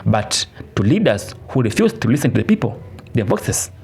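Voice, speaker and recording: A man's voice: mid-range voice, sing-song, moderate pace, darkish tone, slightly rough. A man narrating a political commentary, emphatic and repetitive, with restarts. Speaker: channel narrator. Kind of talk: commentary voice-over.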